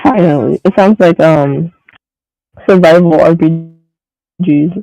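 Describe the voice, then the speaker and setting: Man, high mellow voice, slow talker, giggly and self-mocking, casual chat, slightly muffled mic. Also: vocal fry, no room sound, faint music behind. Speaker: co-host.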